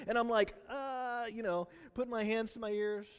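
A middle-aged man preaching a sermon in a church, in a conversational, animated storytelling manner. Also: sits high, normal speed, hardly any pauses, clean tone, long reverb tail. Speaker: pastor.

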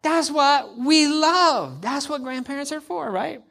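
A man's voice: extremely high pitch, lively intonation, a little slow, gravelly, sharp tone. Middle-aged guy giving a sermon, chatty and easygoing, says things twice to hammer them home. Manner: conversational, acts out hypothetical quotes, repeats for emphasis. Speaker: pastor.

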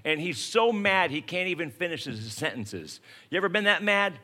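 A man's voice: on the high side, moderate pace. A man preaching a sermon, telling everyday stories and acting out scenes to make his point. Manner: storytelling, animated, acts out scenes. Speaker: pastor.

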